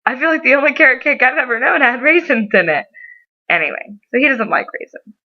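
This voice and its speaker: A woman's voice: sits high, animated, brisk. A young woman vlogger chatting casually to camera, rambling through a story with lots of ums and laughs. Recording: dull lo-fi audio.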